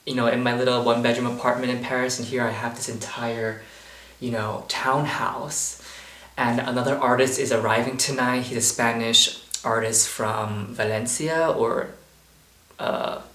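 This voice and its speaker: Indoors in a townhouse at an artist residency, a man vlogs casually about painting, musing loosely and saying "like" and "you know" a lot. His voice is medium in pitch and fairly bright, with fairly even intonation and a normal speed. The audio is poor and reverberant.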